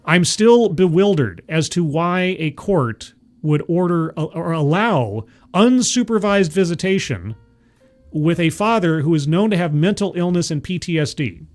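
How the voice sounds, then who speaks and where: A man with a somewhat high voice hosts a political commentary livestream, sardonic and loose, stumbling through restarts and fillers as he reads out viewer chat. Faint music plays softly underneath. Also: expressive, unhurried. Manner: rambling with frequent fillers and restarts. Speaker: livestream host.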